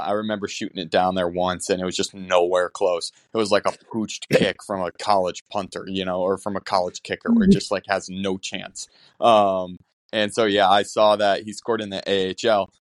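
A man's voice: fairly low pitch, dry recording. A man on a podcast as a guest, telling long, rambling stories and poking fun at himself. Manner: rambling, self-mocking storytelling. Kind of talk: casual chat.

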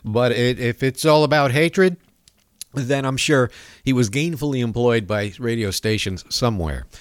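A man's voice: mid-range voice, normal speed, no echo, clean studio sound. A man hosting a talk show, delivering a profane, mocking comedic rant monologue.

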